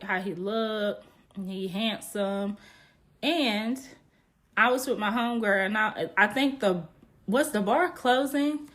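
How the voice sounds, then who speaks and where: A woman's voice: medium pitch, fairly bright tone. A young woman hosting her own podcast, telling a personal story in a frank, chatty way, laughing often and drifting off topic. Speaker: podcast host. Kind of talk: candid solo podcast storytelling.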